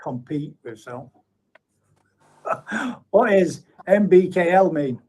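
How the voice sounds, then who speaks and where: Reading out viewer comments with plenty of chuckles, this live-stream host keeps the tone matey. He talks slowly through a computer streaming setup, and his voice is high, expressive and a little mellow.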